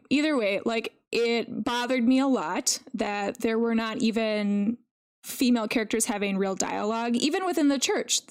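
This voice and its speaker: Woman co-host, casual film chat, quick opinionated delivery, a bit high-pitched. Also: a little mellow. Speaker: podcast co-host.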